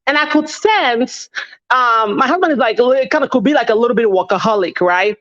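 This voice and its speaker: A woman's voice: fairly high pitch, animated, a little fast, fairly bright tone, lo-fi sound. A woman in her thirties, co-hosting a casual panel talk, rambling with many restarts and asides. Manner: rambling, many restarts and "you see what I'm saying". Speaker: podcast co-host.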